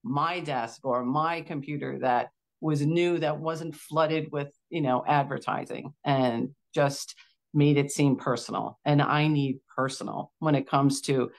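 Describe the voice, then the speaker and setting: This is a middle-aged woman with a low, grounded voice, sharing her own story as a client guest. She talks with real enthusiasm and often acts out what others said to her in little put-on voices. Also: fairly even intonation, a little slow, vocal fry. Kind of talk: candid testimonial chat.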